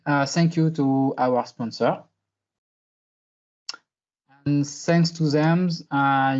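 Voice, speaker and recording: A man's voice: mid-range voice, darkish tone. A man from France giving an online conference talk, hesitant and full of fillers. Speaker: conference presenter. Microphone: video call. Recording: slightly muffled online call.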